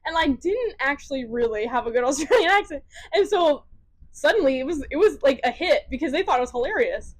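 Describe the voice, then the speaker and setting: A young woman with a high voice chats casually on a podcast. She tells her stories in an animated way and laughs often. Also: a little fast. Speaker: podcast co-host. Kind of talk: casual chat.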